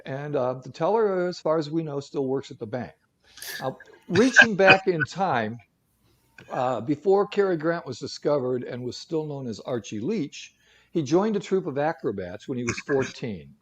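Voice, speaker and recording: A man's voice: on the high side, lively intonation, normal speed. A man co-hosting a talk show who tells stories casually, with jokey asides and lots of fillers. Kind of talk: casual storytelling segment.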